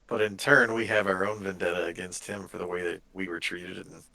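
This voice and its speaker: A man playing in a tabletop game, chatting casually and thinking aloud with halting restarts. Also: sits low, level tone, gravelly, bright, forceful tone. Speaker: player.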